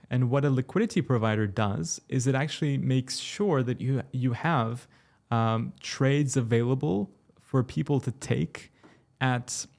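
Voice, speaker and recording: A young man from Turkey hosting a casual crypto livestream, reading chat questions aloud and answering them in a relaxed, chatty way. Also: medium pitch. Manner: relaxed, chatty, explains step by step.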